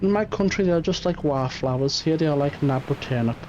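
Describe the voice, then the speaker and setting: A man's voice: a little high, moderate pace, darkish tone, a little hiss or hum, close to an everyday voice. A man voicing a lovesick, flamboyant Spanish fishmonger in a game reading, with a put-on Spanish accent. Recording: muffled stream audio, faint music.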